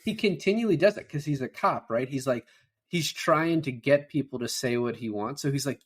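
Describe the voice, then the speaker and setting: A man co-hosting a podcast speaks a little fast in a husky, medium-pitched voice. In his casual film-review chat about a movie, he swears freely and acts out lines from scenes.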